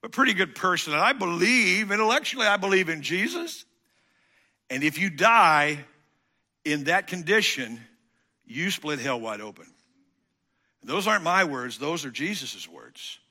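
Male pastor, sermon delivery; slightly raised pitch, very cutting tone, big swings from emphatic to hushed. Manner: swings between loud emphatic passages and quiet intense ones; acts out quoted voices of listeners.

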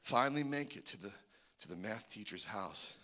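A man in his forties preaching a sermon, an animated storyteller who acts out the voices in his stories. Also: lowish voice, moderate pace. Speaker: pastor.

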